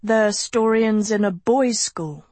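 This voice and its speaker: A woman reading an audiobook, voicing a shaken teenage girl who speaks in a hushed, raspy way. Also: medium pitch, slow, no echo, voice pushed up. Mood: stunned.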